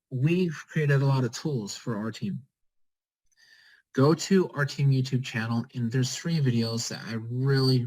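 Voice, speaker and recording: This network-marketing team leader hypes up his group on a call, energetic and repetitive, urging everyone on with short commands he keeps repeating. He has a medium-pitched voice, and the audio is poor.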